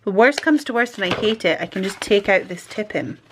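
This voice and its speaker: A woman's voice: mid-range voice, lively intonation, a little fast, noisy background. A woman chatting casually as a stationery vlogger, self-deprecating and talking to herself while she works. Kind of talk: casual chat while crafting.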